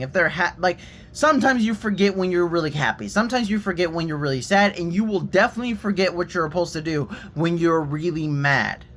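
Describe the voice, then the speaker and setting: Young guy ranting to the camera, voice jumps around a lot, bit of noise behind. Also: high voice. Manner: animated and expressive, drops to a quiet shaky voice when reenacting himself. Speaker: vlogger. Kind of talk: casual storytime rant to camera.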